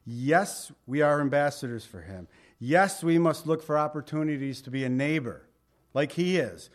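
A man preaching a sermon in a folksy, conversational way, turning to the listeners with questions and chuckling now and then. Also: medium pitch. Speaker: pastor.

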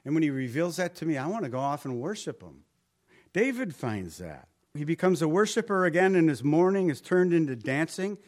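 Conversational preacher with a higher voice. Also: male voice, very animated, brisk. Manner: conversational, asks rhetorical questions, drops soft on tag lines. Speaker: pastor. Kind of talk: sermon.

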